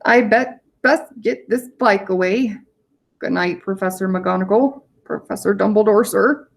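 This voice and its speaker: Lady reading as big soft giant guy from a storybook, rustic, stammery, bit gravelly. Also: mid-range voice, measured pace. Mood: earnest. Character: big shaggy soft-hearted male half-giant groundskeeper.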